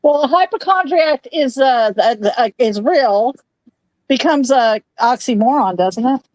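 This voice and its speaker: A woman's voice: high-pitched, lively intonation, a little slow, darkish tone, dry recording, poor audio. A woman chatting casually, playful and teasing, sometimes musing hesitantly. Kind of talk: casual chat.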